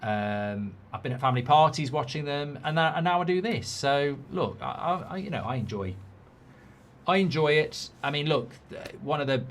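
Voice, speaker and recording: A man's voice: fairly high pitch, expressive, normal speed. A middle-aged man from England hosting a live football watchalong. He is blunt and opinionated, swears casually and reads out viewer comments.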